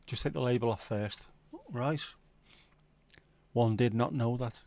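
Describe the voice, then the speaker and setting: A man's voice: mid-range voice, measured pace, gravelly, darkish tone. A man hosting a livestream, chatting casually and cheekily with viewers and reading out their comments by name. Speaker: livestream host.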